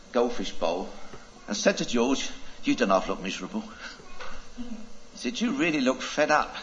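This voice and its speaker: A man, a preacher, telling a children's story with a moral, in an animated, dramatic way with drawn-out phrases. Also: medium pitch, dull audio, slight background noise.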